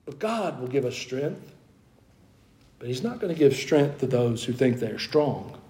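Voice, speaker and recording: A man's voice: mid-range voice, very animated, unhurried, a little mellow. A man preaching a sermon as a pastor, reading scripture aloud and building up fervor as he speaks. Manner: preaching with rising fervor, quoting scripture in old wording. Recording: echoey room.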